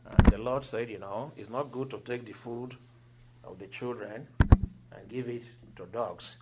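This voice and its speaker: A man preaching a sermon, telling scripture stories with lively acted-out quotes and occasional laughter. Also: mid-range voice, normal speed, background noise. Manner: animated storytelling, acting out quoted voices and laughing.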